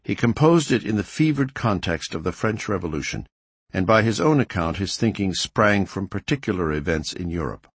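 Husky-voiced male history narrator. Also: deep voice, dry recording. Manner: measured, expressive reading with varied emphasis. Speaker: audiobook narrator. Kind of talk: scripted nonfiction narration.

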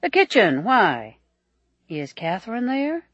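A narrator voicing an excitable older male cousin who talks loudly and effusively, in a dry, slightly dull recording. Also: high-pitched, slow pace, dry recording, pitched above the performer's own voice, full character voice. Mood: cheery. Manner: boisterous, bellowing, effusive.

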